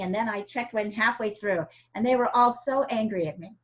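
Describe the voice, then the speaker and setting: A woman from the United States teaching art over a video call. She talks in a chatty, encouraging way with plenty of fillers, and her voice sits a little high. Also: fairly quick, few pauses, a bit bright.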